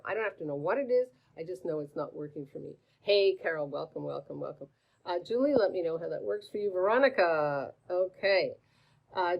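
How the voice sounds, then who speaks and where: A middle-aged woman talks through a live coaching stream, chatty and animated, greeting viewers by name and throwing out question after question. Her voice sits a little low. The stream audio sounds dull and lo-fi. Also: normal speed, creaky. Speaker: host answering viewer questions.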